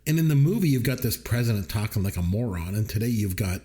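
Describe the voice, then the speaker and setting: Animated man in casual movie talk. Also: lowish voice, fast talker. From Canada. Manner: animated storytelling, quotes people in voices. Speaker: podcast co-host. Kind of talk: casual movie-review chat.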